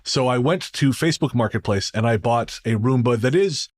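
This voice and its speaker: A man's voice: mid-range voice, normal speed. A man hosting a podcast in a casual, joking, storytelling way. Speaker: podcast host.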